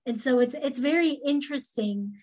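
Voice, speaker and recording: A woman podcast host with a soft, soothing voice who speaks hesitantly and uses many fillers. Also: high-pitched, normal speed. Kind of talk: podcast interview conversation.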